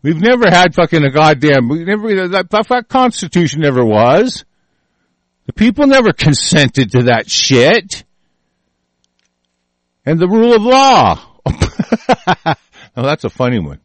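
A man's voice: fairly high pitch, very animated, moderate pace, dry recording. A man delivering a heated, profane political rant, stumbling over his words.

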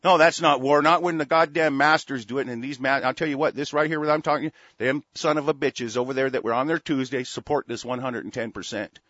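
A man's voice: mid-range voice, steady tone, brisk, few pauses, a bit bright, no room sound. A man hosting a radio show, delivering an angry, profane political rant full of stammered restarts. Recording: dull lo-fi dry recording.

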